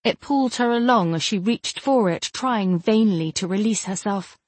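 A woman reading a fantasy novel aloud as an audiobook narrator, in a steady, even storytelling manner. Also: medium pitch, moderate pace, dry recording.

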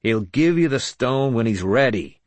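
A man voicing a gruff warrior captain in an audiobook, snarling blunt orders. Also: medium pitch, expressive, moderate pace, no room sound, voice pushed up, lightly acted. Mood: gruff, commanding. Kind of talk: audiobook character voice.

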